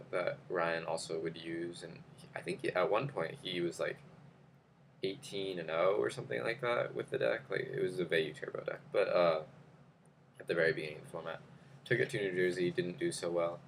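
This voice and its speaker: A man's voice: sits low, fairly even intonation, moderate pace, vocal fry, a little hiss or hum. A young man telling a story to camera in a casual, rambling way, with many fillers and restarts. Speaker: vlogger.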